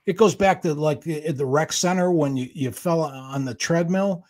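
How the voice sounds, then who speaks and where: A man co-hosting a talk show in casual chat, joking wryly and chiming in with quick replies. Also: a little high, a little mellow. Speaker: co-host.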